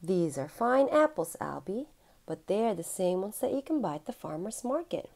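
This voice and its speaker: A woman voicing a kindly older woman who owns an apple orchard, soft and sighing, in a read-aloud storybook. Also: medium pitch, very animated, moderate pace. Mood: gentle, sad. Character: kindly old woman orchard owner, gentle.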